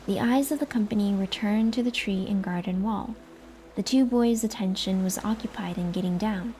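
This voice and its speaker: A woman softly narrating a folk tale as soft-spoken ASMR bedtime storytelling, in a hushed, unhurried manner. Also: mid-range voice, faint music behind.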